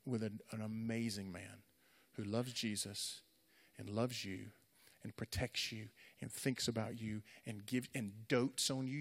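A middle-aged man preaching to young people in an earnest, repetitive, conversational way. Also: medium pitch. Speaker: youth pastor. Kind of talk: sermon. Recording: echoey hall.

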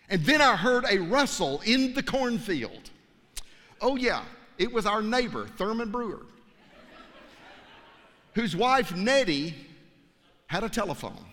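Bright-voiced pastor telling a story in a reverberant hall. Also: male voice, sits high. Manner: dramatic storyteller, drops to hushed tones then rises to fervent preaching. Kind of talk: sermon storytelling.

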